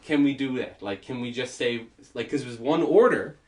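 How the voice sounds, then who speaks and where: A man telling a story in casual podcast chat, animated, laughing and swearing as he goes. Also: medium pitch, normal speed. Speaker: podcast host.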